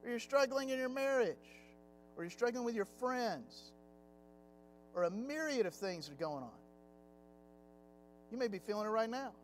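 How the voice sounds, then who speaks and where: A man's voice: extremely high pitch, animated, normal speed, long pauses, a little hiss or hum. A middle-aged man teaching a Sunday Bible class in a conversational way. He acts out quotes and chuckles at his own jokes.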